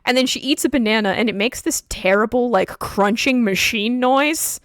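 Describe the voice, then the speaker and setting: A woman streamer talks casually and animatedly from her home setup, breaking into laughter often as she explains. Her voice sits a bit high for a woman. The sound is dry and close, with no room echo. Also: moderate pace, a bit bright. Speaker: streamer host.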